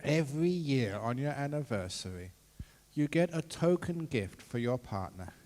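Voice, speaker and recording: A man's voice: medium pitch, expressive, normal speed, a little mellow, big-room sound. A man, a Buddhist monk, gives a dharma talk as a jovial storyteller who often laughs.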